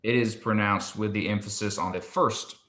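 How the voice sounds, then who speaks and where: Low-voiced man tutoring Hebrew. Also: normal speed. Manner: relaxed, hesitant, many ums. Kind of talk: patient one-on-one language lesson. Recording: echoey room with faint ambience.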